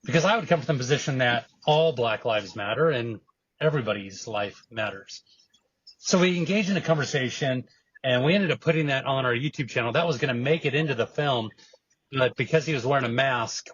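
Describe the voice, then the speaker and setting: Husky man telling a story earnestly. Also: medium pitch, fairly quick, muffled recording. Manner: animated storyteller, earnest and emphatic. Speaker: guest, evangelist and film producer. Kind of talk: storytelling interview answer.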